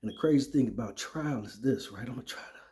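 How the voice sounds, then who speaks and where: A man's voice: medium pitch, fast talker, dark tone. A man telling his personal testimony in a casual, conversational way, often tagging lines with "right?" and "man.". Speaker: former soldier sharing his testimony.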